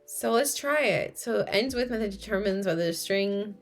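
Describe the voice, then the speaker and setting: A woman's voice: medium pitch, expressive, moderate pace, faint music behind. A young woman streaming live while she codes, thinking aloud, chatting with viewers and correcting herself mid-sentence. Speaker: streamer teaching coding.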